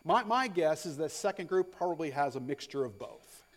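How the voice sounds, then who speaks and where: A man's voice: on the high side, expressive, moderate pace. Man preaching an emphatic sermon. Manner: emphatic preaching, swings from loud to hushed; repeats phrases for stress. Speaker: pastor.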